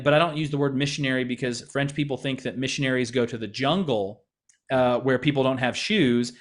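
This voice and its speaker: An American man, a pastor and missionary, answering interview questions in an earnest, conversational way with frequent restarts and repeated words. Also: medium pitch. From United States.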